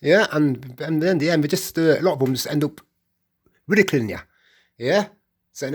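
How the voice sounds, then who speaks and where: Middle-aged West Midlands man, husky voice, rambling personal account with stammered restarts. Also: a little high, animated, moderate pace, long pauses. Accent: West Midlands English. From England. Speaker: vlogger.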